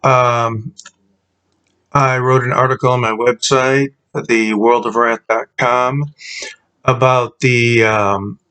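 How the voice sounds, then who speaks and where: A man delivering a deadpan comedic monologue, halting and full of ums and restarts. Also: medium pitch, clear, resonant tone, low-quality recording.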